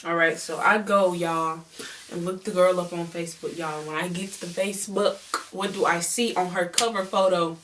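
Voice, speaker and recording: A young woman telling a story on her vlog in a casual, animated, slangy way, repeating words for emphasis. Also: lowish voice, normal speed, far from the mic, noisy background. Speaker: beauty vlogger.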